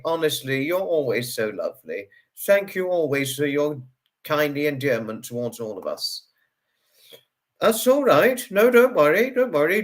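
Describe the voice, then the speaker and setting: A man hosting a livestream, effusively greeting viewers and repeating his hellos over and over. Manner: pitch swings up and down sharply. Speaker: livestream host.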